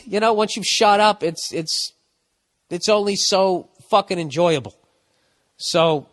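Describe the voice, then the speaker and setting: Male podcast host, mid-range voice, profane and jokey riffing on listener mail. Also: mid-range voice. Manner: blunt, profane, jokey ranting.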